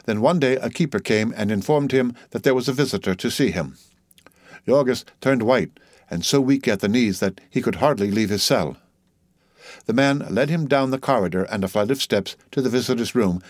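Casting: male audiobook narrator, measured and steady, dry close recording. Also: mid-range voice, no echo.

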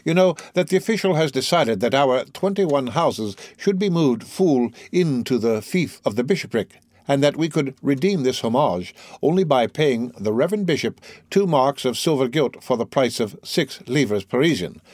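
A man reading an old novel aloud, voicing a severe older male archdeacon who speaks coldly and slowly, like a lecturer. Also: mid-range voice, lively intonation, a little mellow, no room sound, pitched above the performer's own voice, lightly acted. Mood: stern. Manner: cold, measured, lecturing.

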